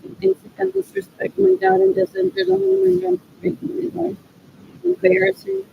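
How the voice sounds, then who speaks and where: A woman's voice: extremely high pitch, monotone, normal speed, gravelly, phone-quality sound, slight background noise. A middle-aged woman rambling to herself in a solo monologue, repeating phrases as she muses. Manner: repetitive, muttering to herself. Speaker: vlogger.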